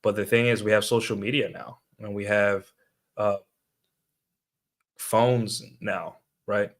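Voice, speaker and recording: A man's voice: lowish voice, steady tone, takes it slowly. A young man giving casual livestream commentary, talking to his viewers with lots of fillers and tag questions. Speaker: streamer.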